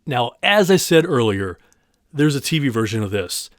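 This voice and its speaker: A man's voice: mid-range voice, very animated, moderate pace, dry recording, studio quality. Rambling, self-deprecating podcast host, a man. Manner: rambling and self-deprecating, with restarts and stumbling over place names. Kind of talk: casual monologue thanking listeners.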